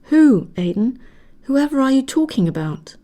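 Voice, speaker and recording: A woman's voice: medium pitch, animated, moderate pace, dark tone, close to an everyday voice. A woman reading the part of an anxious young wife, pressing with worried questions. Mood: perplexed.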